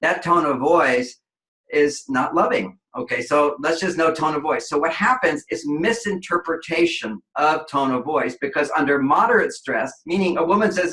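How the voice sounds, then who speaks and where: Guy w a bright tense voice, explains stuff at length, echoey room. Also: fairly high pitch, animated, moderate pace. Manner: expansive, acts out quoted voices. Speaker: relationship author, guest. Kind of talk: explanatory interview talk.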